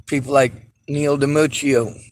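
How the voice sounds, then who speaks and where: A man delivering a bitter, angry vlog monologue, swearing heavily and rising into shouts. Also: mid-range voice, steady tone, a little slow. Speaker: vlogger.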